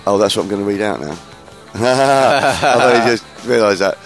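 Chatty man hosting radio, lowish voice. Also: normal speed, faint music behind. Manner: chatty and enthusiastic, rambling with restarts. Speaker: radio show host. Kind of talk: casual radio chat.

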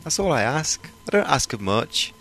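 A man's voice: mid-range voice, big pitch swings, moderate pace, fairly bright tone, a little hiss or hum. A man from the UK co-hosting a podcast, giving dry, laid-back replies and reading out listener mail. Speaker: podcast co-host. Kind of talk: casual comedy chat.

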